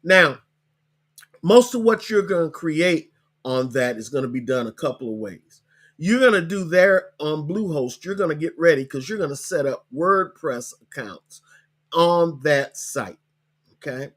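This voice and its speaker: A man with a slightly raised voice hosts a live online coaching session. He talks in a loose, conversational way, slowing right down whenever he spells out a web address. He ends many of his points with "okay?". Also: fairly high pitch, lively intonation, fairly bright tone. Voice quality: hiccups. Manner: chatty, repeats web links slowly, tags lines with okay. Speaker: podcast host.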